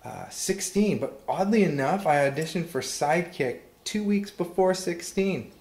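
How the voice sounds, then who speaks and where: A man hosting an interview, talking slowly and haltingly with many fillers and restarts. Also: on the high side, lively intonation, darkish tone, reverberant. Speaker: interviewer and voice actor. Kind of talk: casual interview chat.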